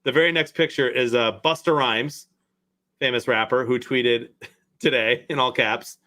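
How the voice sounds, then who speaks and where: Bright-voiced easygoing male co-host. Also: mid-range voice, steady tone, unhurried. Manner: easygoing, laughs while reading aloud. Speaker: live stream co-host. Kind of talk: casual live sports chat.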